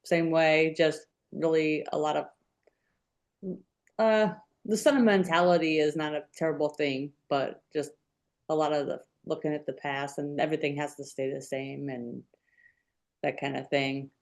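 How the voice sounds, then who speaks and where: A woman taking part in a group video call, speaking casually and softly, trailing off at the ends of her thoughts. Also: low voice, fairly even intonation, moderate pace.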